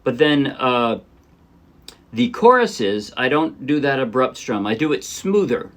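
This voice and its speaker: A man teaching a ukulele song step by step in a relaxed, thinking-aloud way, with fillers and small self-corrections. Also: mid-range voice, unhurried. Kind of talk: casual step-by-step music lesson. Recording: ukulele playing under the voice.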